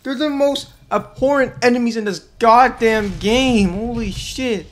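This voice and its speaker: A woman doing unscripted gameplay commentary, excitable and swearing constantly, panicky and self-mocking, rambling with fillers. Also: a little high, unhurried, slight background noise. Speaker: gaming YouTuber.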